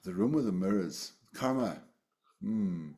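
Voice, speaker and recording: A man teaching an online Buddhist class over a video call, talking in a relaxed, conversational way with fillers and restarts. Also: lowish voice, a little slow, slight background noise.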